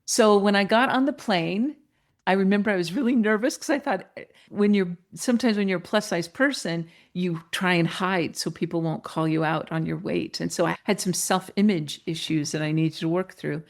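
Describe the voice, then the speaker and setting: A woman guest, a mentor and coach, telling a personal story in an interview, animated and laughing, her pitch jumping up when she gets excited. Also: normal speed.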